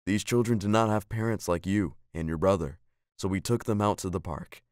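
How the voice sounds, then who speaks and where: A gentle father and former soldier tells a bedtime story, as a man puts him on. His deep voice is soft and unhurried. The sound is dry and close. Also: clear, resonant tone, dry recording, close to an everyday voice. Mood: calm.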